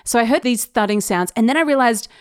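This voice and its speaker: A woman's voice: fairly high pitch, quick pace, smooth, no echo, studio quality. A young woman telling a personal story in a casual, chatty way, often laughing as she goes.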